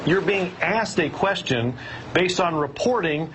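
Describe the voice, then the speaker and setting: A man recalls his time as a government press secretary in a wry, amused tone, speaking a little high. His voice comes from an interview clip with noise clearly audible behind it. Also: animated, measured pace.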